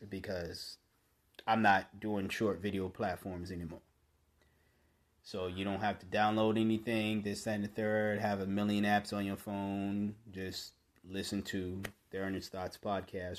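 A man hosting his own podcast, speaking in a blunt, opinionated monologue that often restarts mid-sentence and rises into forceful bursts. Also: lowish voice. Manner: conversational with frequent restarts. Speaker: podcast host.

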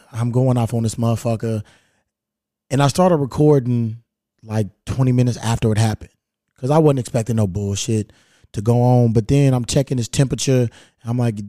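A man hosting his podcast alone, telling a story in a laid-back, profane, animated way. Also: mid-range voice, moderate pace, no room sound, studio quality. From Louisville, Kentucky. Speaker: podcast host. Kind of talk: casual solo storytelling. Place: at home.

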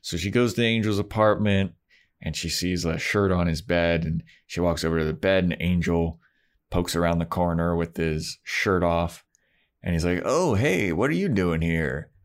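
A man's voice: sits low, flat delivery, normal speed, smooth. A man co-hosting a podcast, recapping a TV episode in casual chat and acting out the characters' lines in exaggerated quoted voices. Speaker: podcast co-host.

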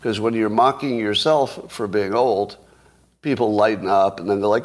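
A man's voice: on the low side, steady tone, normal speed. A man in his sixties hosting a live stream, talking in a sarcastic, mocking way. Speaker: podcast host.

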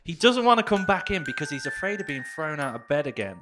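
A man's voice: on the high side, big pitch swings, fast talker. Man, podcast co-host, sweary banter, reads news aloud, faint music. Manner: sweary, jokey, laughs often. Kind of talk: casual chat reading a news story aloud.

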